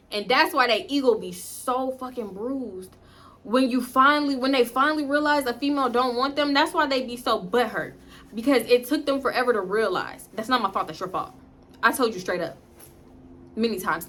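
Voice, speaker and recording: Bright-voiced woman telling a story. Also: fairly high pitch, fairly quick. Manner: animated, blunt, profane, talks straight to viewers. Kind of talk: casual storytime vlog.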